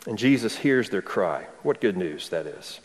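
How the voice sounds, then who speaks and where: A man's voice: fairly low pitch, animated, normal speed. A man preaching an expository sermon, asking rhetorical questions and adding dry humor. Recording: long hall reverb.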